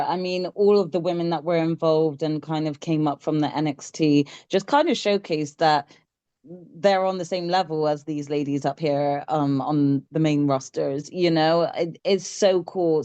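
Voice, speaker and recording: A woman with a very low voice co-hosts a casual chat, gushing about what she loves with eager, run-on enthusiasm. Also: a little slow, mellow, smooth. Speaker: podcast co-host.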